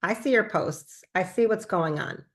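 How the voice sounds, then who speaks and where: Animated woman telling a testimonial story. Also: medium pitch, measured pace. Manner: animated storytelling, acting out her own past remarks. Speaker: doctor and consultant. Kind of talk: casual testimonial monologue.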